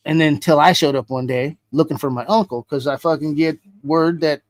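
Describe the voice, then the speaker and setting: Brief: male guest spinning a crude yarn, high tenor voice, dead-dry mic. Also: moderate pace, dry recording. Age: adult. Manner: profane, swears constantly; animated storyteller acting out dialogue. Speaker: interview guest. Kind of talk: casual storytelling.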